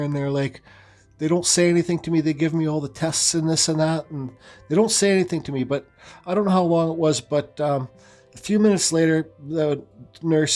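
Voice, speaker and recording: A man's voice: on the high side, a little mellow. A man with a somewhat raised voice tells his own story in a loose, rambling style. He restarts sentences often, leans on fillers like "I says", and swears without holding back. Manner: rambling, repeats himself, swears freely. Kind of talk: casual personal storytelling.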